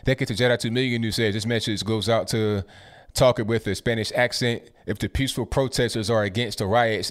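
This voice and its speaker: A man hosting a live stream, reading viewer messages aloud and answering each one with quick casual asides. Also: medium pitch. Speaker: political commentary host reading viewer messages.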